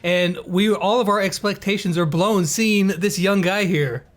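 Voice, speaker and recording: Upbeat male interview host with a high voice. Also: measured pace. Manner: enthusiastic, laughs often. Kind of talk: interview chat.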